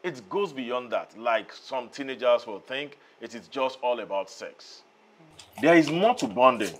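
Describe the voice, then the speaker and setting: A man's voice: medium pitch, expressive, measured pace. A man from Nigeria playing a self-assured journalist guest on a TV talk show, speaking in an emphatic, lecturing way.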